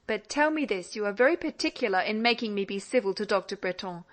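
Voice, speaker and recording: In an audiobook character reading, a fast-talking woman with a mid-range voice lightly acts out an earnest, teasing young woman. Lively, pleading, and mock-indignant, the character begs and scolds her father.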